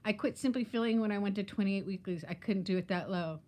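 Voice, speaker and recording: In a medium-pitched voice with a darkish tone, a woman in her fifties talks fast while hosting a casual live chat. She laughs often and greets viewers by name.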